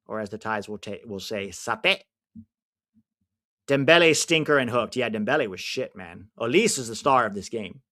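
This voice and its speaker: Speaking a little fast and barely pausing, this American host has a lowish voice as he runs a live football watch-along. He's chatty, replies to viewer comments, and gets suddenly excited at scoring chances.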